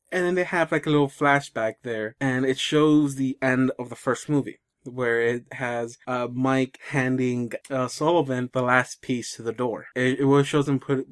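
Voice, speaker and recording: A young man casually retelling a movie plot, rambling with lots of restarts. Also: medium pitch. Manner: rambling, many fillers and restarts.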